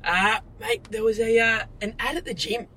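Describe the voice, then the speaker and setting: A man's voice: sits high, steady tone, moderate pace, crowd noise, low-quality recording. A young Australian man chatting as a passenger in a car, enthusiastic and full of slang, laughing often. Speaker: passenger, student and model. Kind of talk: casual chat. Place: inside a car.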